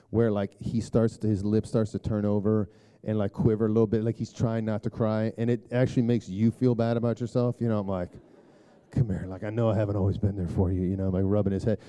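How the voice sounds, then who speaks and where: A middle-aged man speaks to a church group in a rambling, chatty sermon style. His voice sits low and sounds deeply mellow and dark. He leans on filler words and keeps clearing his throat. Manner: turns hushed and low for prayer. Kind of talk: storytelling sermon talk.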